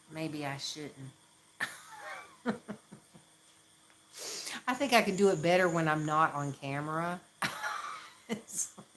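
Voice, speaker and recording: A woman's voice: deep voice, a bit bright, a little hiss or hum, low-quality recording. A woman from the Southern US with a Southern accent, chatting casually on a live stream, laughing often and poking fun at herself. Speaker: livestream host.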